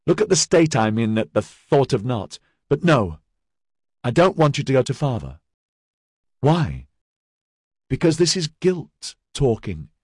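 Male reader doing a tearful young woman, croaky, pitched way up, lively, dry close sound. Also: unhurried, pauses often, no echo. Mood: flustered. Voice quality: croaky, unsteady. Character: distraught young woman, weeping, emotional.

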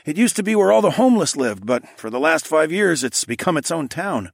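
A man's voice: a little high, very animated, fairly quick, gravelly, no room sound, studio quality, voice pushed up, heavily acted. A man voicing a chatty, proud middle-aged painter who turns a bit wary.

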